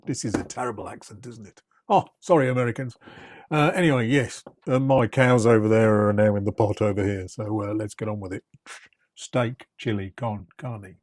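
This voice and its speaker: Man, cooking-channel host, chatty and self-deprecating, mid-pitch, in his home kitchen. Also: normal speed, darkish tone. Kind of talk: casual cooking vlog chat.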